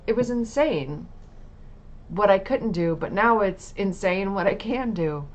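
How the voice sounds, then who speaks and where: A woman's voice: mid-range voice, expressive, a little slow. A mother speaking to a camera, telling her personal testimony in a candid, emotional way and swearing casually. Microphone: talking to camera.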